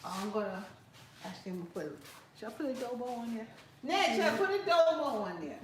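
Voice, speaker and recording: A woman's voice: fairly high pitch, expressive, brisk, a little hiss or hum. A woman from New York with a New York accent, chatting casually while she cooks for her channel. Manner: chatty, talks while cooking. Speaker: cooking channel host. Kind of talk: casual cooking vlog chat.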